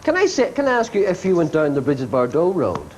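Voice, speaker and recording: A man hosting a television chat show, asking teasing, prodding questions and laughing quickly. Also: on the high side, wildly swooping pitch, a little mellow, highs cut off. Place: TV studio. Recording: archive TV broadcast with faint background noise.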